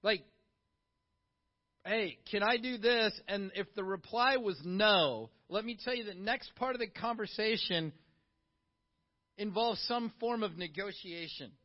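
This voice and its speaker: High-voiced conversational preacher man, lo-fi. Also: a little slow, pauses often. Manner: conversational, animated preaching with rhetorical questions. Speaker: pastor. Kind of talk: sermon. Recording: dull lo-fi sound.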